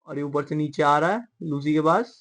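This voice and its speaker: A man hosting a manga readalong, commenting casually with rapid, joking asides. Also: on the high side, fairly bright tone.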